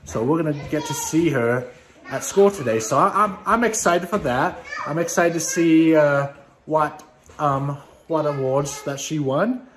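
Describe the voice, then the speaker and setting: A man's voice: a little high, a little slow. A middle-aged man chatting casually to viewers in a family vlog at home, rambling with lots of fillers. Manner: rambling, with many "uh" and "you know"; speaks to the viewers directly as "guys". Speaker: family vlogger and dad. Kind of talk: casual vlog chat to camera.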